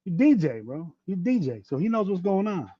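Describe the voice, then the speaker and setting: A man's voice: high-pitched, very animated, a little fast, warm tone, husky, no echo. Blunt, profane man ranting on a podcast. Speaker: podcast host. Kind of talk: casual livestream rant. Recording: dull dry lo-fi mic.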